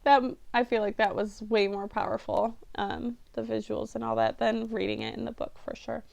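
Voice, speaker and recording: A woman's voice: on the high side, animated, moderate pace, creaky, darkish tone. A young woman chatting to camera as a book vlogger, rambling and emotional. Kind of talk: casual chat to camera.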